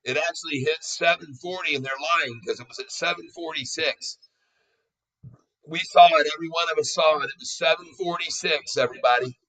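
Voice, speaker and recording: Man, excitable livestream stock talk, laughs a lot, bright forceful voice, a bit far from the mic. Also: fairly high pitch, fairly quick. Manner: excitable, hyped, laughs often; talks straight to viewers as folks. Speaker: stock market livestream host. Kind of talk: live casual stock-trading commentary.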